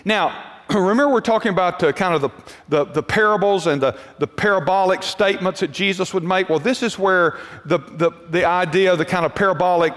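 A man's voice: high-pitched, brisk, a bit bright, long reverb tail. A man pastor preaching a sermon to his congregation, conversational, with rhetorical questions and repeated points.

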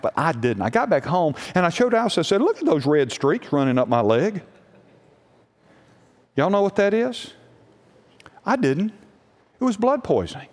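A man preaching a sermon as pastor, telling a personal story with lively energy and often asking the congregation questions. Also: high-pitched, long reverb tail. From United States.

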